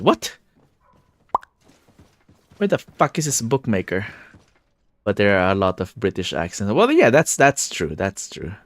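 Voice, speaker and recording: A man's voice: fairly low pitch, fairly bright tone. A man streaming a video game, chatting casually with his viewers, laughing often and tripping over his words. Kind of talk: casual live-stream chat.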